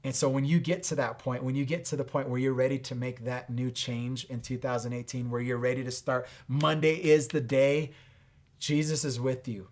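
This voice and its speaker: A middle-aged man talks through a faith-based motivational message in a loose, conversational way. He stumbles over words and restarts often, then lights up when he acts out a story. His voice sits at an ordinary pitch for a man. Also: normal speed. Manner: conversational, frequent fillers and restarts, animated when retelling. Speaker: fitness instructor and faith speaker.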